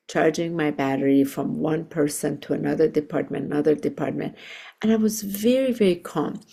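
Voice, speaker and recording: Brief: woman reverend, host, calm and gentle storyteller, low-pitched and mellow. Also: vocal fry. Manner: calm, gentle, with sudden pitch lifts when quoting. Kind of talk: storytelling on a podcast.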